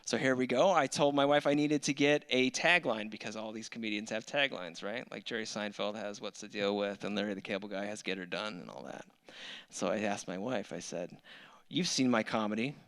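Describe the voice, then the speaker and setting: Man, 30s, stand-up comic; bright, forward voice, dry self-deprecating delivery, live club mic. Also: fairly low pitch, brisk, clean tone. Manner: dry, self-mocking storyteller. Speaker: stand-up comedian. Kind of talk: stand-up set. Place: comedy club stage.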